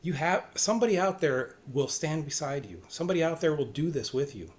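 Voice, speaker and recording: A man giving an earnest, self-encouraging faith talk, repeating short phrases and often trailing off softly. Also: a little high, animated, fairly quick. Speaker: faith vlogger. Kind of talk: personal faith talk to camera.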